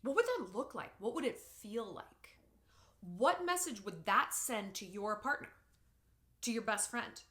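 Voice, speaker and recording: A woman vlogger giving relationship advice in a casual, expressive and sarcastic way. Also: fairly high pitch, measured pace. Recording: roomy echo.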